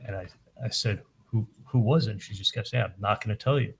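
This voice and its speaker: A man testifying in court, telling events in a halting way, often repeating words and retelling what was said with "I'm like". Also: on the low side, creaky, slight background noise. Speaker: trial witness testifying.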